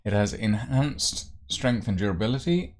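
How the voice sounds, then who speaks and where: A man's voice: lowish voice, expressive, moderate pace. A man hosting a livestream, chatting casually and playfully, rambling and muttering to himself as he writes. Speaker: livestream host.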